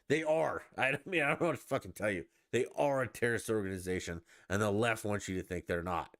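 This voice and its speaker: A man's voice: fairly low pitch, a bit bright, dry recording, studio quality. A man hosting a podcast, ranting casually with profanity and sarcastic mock voices. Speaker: podcast host.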